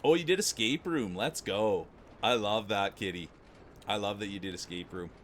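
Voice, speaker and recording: A man's voice: lowish voice, moderate pace, slight background noise. A man from Canada with a prairie accent, chatting casually and rambling to his stream chat. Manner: rambling, laid-back, repeats himself.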